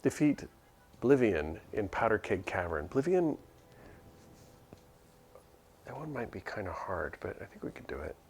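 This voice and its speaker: A man's voice: on the low side, big pitch swings, measured pace, pauses often, slight background noise. A man streaming a game, giving casual commentary and muttering through quest text aloud. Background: faint music.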